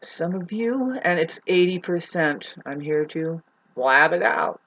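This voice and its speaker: Rambling woman with a lively, swooping voice. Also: fairly low pitch, slow pace. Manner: rambling, swearing, emphatic outbursts. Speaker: spiritual astrology vlogger. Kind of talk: rambling monologue. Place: at home.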